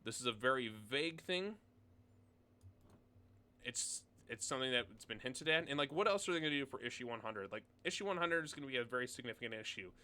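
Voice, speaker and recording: Fast-talking bright-voiced man. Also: medium pitch, expressive. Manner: rambling, blunt, many fillers and asides. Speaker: comics video host. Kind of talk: casual commentary reading solicitations.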